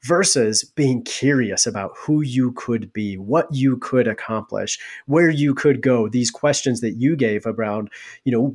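A man's voice: mid-range voice, a little mellow. Thoughtful male podcast host. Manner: thoughtful, reflective, builds on the guest's points. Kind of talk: podcast interview talk.

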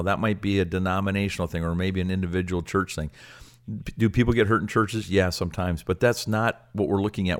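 A man who is a pastor, speaking earnestly and casually in a ministry discussion, with many fillers. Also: deep voice.

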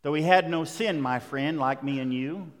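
A man preaching a sermon to his congregation, with emphatic delivery, dramatic pauses and building intensity. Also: fairly high pitch. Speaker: pastor. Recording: long reverb of a large hall.

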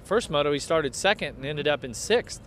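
A man's voice: a little high, animated, brisk, fairly bright tone. A middle-aged man with a slightly raised voice, talking in a loose, rambling way as he recalls old races. He is a former pro racer giving a casual interview outside, with faint background noise. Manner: rambling, storytelling. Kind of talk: casual post-race interview. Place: outdoors at a motocross track.

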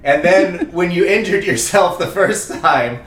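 A man's voice: sits high, lively intonation, a little slow, fairly bright tone, roomy sound, far from the mic. A man guest in casual chat, earnest and laughing now and then as he tells it. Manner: earnest, laughs while telling.

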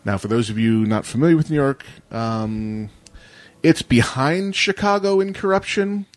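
A man's voice: medium pitch, animated, normal speed, no room sound. A man co-hosting a casual tech news podcast, talking in a wry, rambling way with jokey asides. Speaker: podcast co-host.

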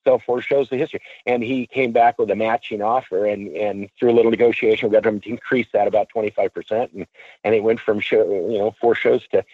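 A man, an auctioneer, telling a long anecdote in a radio interview, casual and animated, and he acts out what people said. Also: on the low side, a little fast, dry recording, narrow, tinny audio. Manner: animated storyteller, acts out quotes; casual, swears freely. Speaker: auctioneer guest. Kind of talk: storytelling interview.

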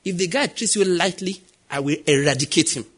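A Nigerian man preaching a sermon in a husky, slightly breathy voice that sits a little high for a man. He tells his stories with animation and acts out the voices of the people in them. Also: brisk. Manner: animated storytelling, acting out quoted voices.

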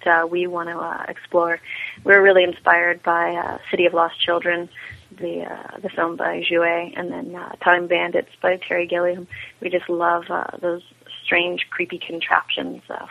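A woman co-creator of a web series, answering interview questions and telling lively stories with quoted asides. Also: on the low side, vocal fry. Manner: animated storytelling with quoted asides and laughs. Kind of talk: podcast interview guest. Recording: tinny phone line.

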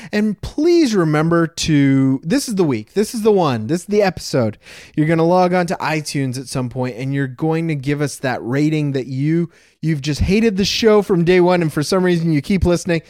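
A man's voice: on the high side, expressive, moderate pace, a little mellow, no room sound, studio quality. A man co-hosting a casual podcast, earnest and getting worked up, with a slightly preachy way of talking. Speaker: podcast co-host.

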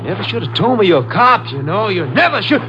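Young radio-drama killer, gloating and cackling, fairly high, hissy lo-fi broadcast. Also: male voice, very animated, quick pace. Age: young adult. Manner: mocking, cackling taunts. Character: sadistic young male cop killer. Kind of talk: 1950s radio drama acting. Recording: muffled old radio broadcast with hiss.

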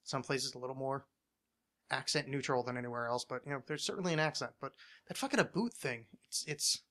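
A man's voice: medium pitch, a little fast, bright, forceful tone. A man hosting a casual podcast, ranting with lots of swearing and restarts. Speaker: podcast host.

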